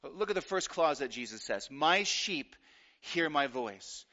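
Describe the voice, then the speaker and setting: Guy preaching a sermon, slowish and punchy, kinda high voice. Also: lively intonation, sharp tone, dull audio. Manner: emphatic preaching with slow deliberate pauses and repetition. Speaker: pastor.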